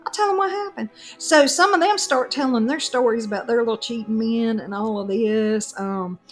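Woman podcaster, high voice, lively storyteller who cracks herself up, soft music under her. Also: normal speed. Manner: animated, laughs through her own story. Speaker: podcast co-host. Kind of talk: casual comic storytelling.

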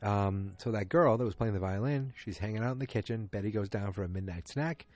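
A man casually recapping a TV episode, rambling and animated, with chatty asides to viewers. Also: lowish voice, a little fast.

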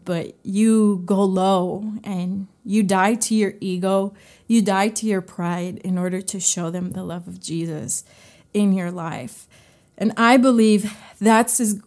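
A woman gives a heartfelt devotional teaching as a podcast host. She talks slowly at a mid pitch, lingering over her words with the odd filler. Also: a little mellow. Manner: earnest, heartfelt; unhurried, with fillers.

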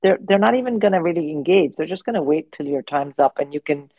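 A woman in her forties, a guest comedian telling animated stories in casual podcast chat. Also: sits low, quick pace, no room sound, phone-quality sound. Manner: animated, expressive anecdotes with frequent restarts.

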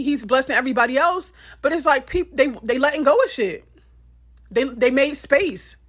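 Woman, higher-pitched voice, blunt motivational monologue, emphatic and profane. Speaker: motivational speaker.

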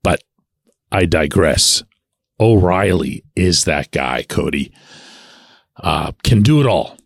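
Low-voiced sardonic male podcast host. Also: slow pace, vocal fry, husky, no room sound, clean studio sound. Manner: sardonic, animated, drops to mutters and asides. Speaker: podcast host and sports columnist. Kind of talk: opinionated solo podcast commentary.

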